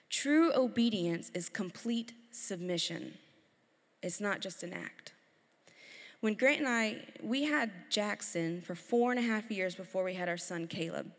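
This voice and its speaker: A woman in her thirties preaching a sermon, telling lively stories and acting out her children's voices. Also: mid-range voice. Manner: lively storytelling, acts out her kids' voices. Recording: long hall reverb.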